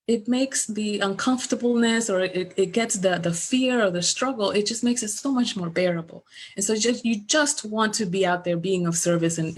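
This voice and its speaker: A middle-aged woman coaching business owners over a webcam call, speaking conversationally. She tells stories with animation and drifts through several examples before returning to her point. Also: fairly low pitch. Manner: animated storyteller, acts out remembered dialogue. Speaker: business coach presenting at a virtual summit. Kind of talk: conversational webinar presentation.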